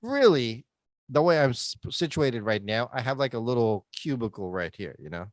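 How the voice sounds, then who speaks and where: A man's voice: medium pitch, sing-song, normal speed, dry recording, studio quality. A man co-hosting a casual podcast chat, rambling and joking with frequent laughs. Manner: rambling, jokey, laughs often. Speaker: podcast co-host.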